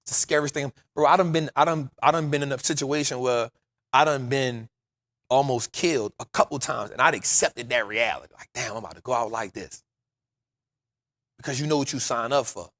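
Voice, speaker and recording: A man's voice: mid-range voice, fairly quick, a bit bright, no echo. A man, telling stories emphatically on a casual podcast, often saying "bro" and "real talk". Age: 40s. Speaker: podcast host.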